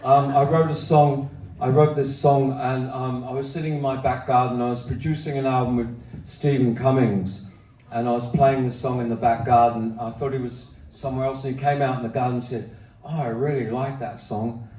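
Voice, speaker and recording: A man's voice: medium pitch, flat delivery, a little fast, warm tone, distant mic. A man in his seventies, a singer-songwriter performing live, telling rambling, profane, self-mocking stories between songs in a sold-out music hall. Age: 70s. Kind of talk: onstage storytelling between songs. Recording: roomy hall sound from the audience area. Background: acoustic guitar and audience.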